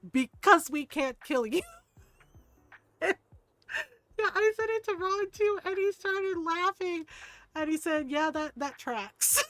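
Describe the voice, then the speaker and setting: A woman's voice: high voice, a bit bright, no room sound. A middle-aged woman streaming a game, chatting casually and telling stories, laughing often, swearing, and acting out the people she quotes. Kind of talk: casual storytelling chat while gaming.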